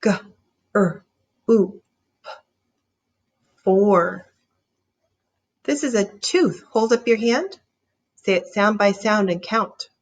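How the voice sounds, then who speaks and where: A woman teaching a reading lesson, sounding out words slowly and encouraging young readers. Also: mid-range voice, lively intonation. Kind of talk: slow, clear phonics lesson.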